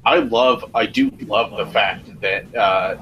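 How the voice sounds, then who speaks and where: A man talking casually on a podcast, animated and swearing freely, laughing at himself. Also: on the low side, slow pace, lo-fi sound. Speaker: podcast co-host. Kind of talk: casual chat. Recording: steady background noise.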